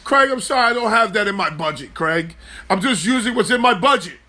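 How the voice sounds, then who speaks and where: A man hosting a live sports talk show, animated, joking loosely and swearing freely. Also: high-pitched, a little fast. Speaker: host.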